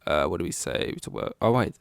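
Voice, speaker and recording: A man's voice: a bass voice, big pitch swings, a little fast, creaky, clear, resonant tone, no room sound, clean studio sound. A man hosting a solo podcast, rambling and self-deprecating, swearing as he acts out awkward conversations. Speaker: podcast host.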